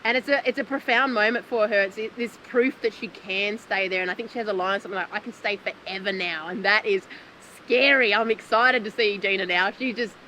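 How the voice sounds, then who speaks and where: A woman's voice: medium pitch, a little fast, bright, forceful tone, low-quality recording. A woman talks through a recap in a chatty, heartfelt way, breaking into small laughs. She sounds like she is outdoors in nature, with faint noise behind her. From Australia. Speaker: former contestant recapping the show. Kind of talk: casual reflective recap.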